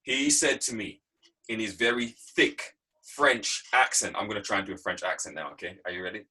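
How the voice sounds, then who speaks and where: A man's voice: fairly low pitch, brisk, pushed and bright, slightly rough, low-quality recording. A man giving a motivational talk, telling stories from his working life in an emphatic, repetitive way. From England. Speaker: guest speaker. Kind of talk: motivational talk on a video call.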